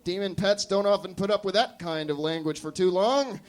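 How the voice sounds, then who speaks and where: A man, a performance artist, reading an absurd comic story aloud at a live café show in a deadpan storytelling manner. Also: high-pitched, moderate pace.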